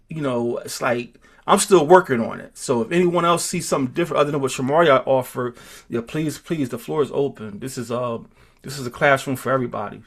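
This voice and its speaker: A man teaching an informal group class, talking slowly and thinking aloud, with many restarts and repeated words. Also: medium pitch. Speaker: teacher of a Hebrew roots class.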